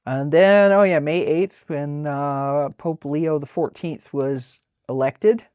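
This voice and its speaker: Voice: medium pitch, slow pace, darkish tone, no room sound, clean studio sound. A webcomic artist casually narrating a sketchbook tour, talking in a rambling, chatty way with many fillers.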